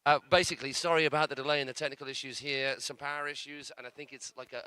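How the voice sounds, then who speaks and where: Male live-sports commentator for an outdoor event, talkative and joking, mid-pitched. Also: pushed and bright, clear, resonant tone, dry recording. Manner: chatty, joking, filling airtime. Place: outdoor cable park event.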